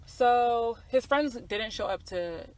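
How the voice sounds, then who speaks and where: A woman's voice: fairly high pitch, lively intonation, slow pace, crowd noise, rough recording. Candid young woman telling a story. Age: 20s. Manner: candid, profane, many fillers and asides to listeners. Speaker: podcast co-host. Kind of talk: casual storytelling chat.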